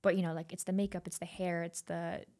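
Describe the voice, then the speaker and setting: A woman's voice: fairly low pitch, flat delivery, fast talker, darkish tone. A woman from Germany, hosting a casual podcast chat and telling stories in an encouraging way. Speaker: podcast host. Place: recording studio.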